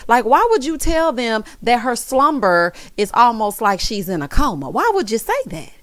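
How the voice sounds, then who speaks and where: A sassy woman talking through a reality show recap, full of side-eye asides, honeys and childs. She throws in loud, high bursts of laughter. The sound is dry and close. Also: big pitch swings, moderate pace, no room sound. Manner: addresses viewers as honey and child. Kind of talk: casual recap commentary.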